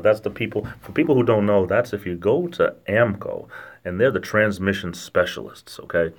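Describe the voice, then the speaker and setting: A man with a Rhode Island accent, casually chatting and joking with viewers on a livestream in a rambling, halting way. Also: lowish voice. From lower New England, Rhode Island–Massachusetts border. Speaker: livestream host reading chat.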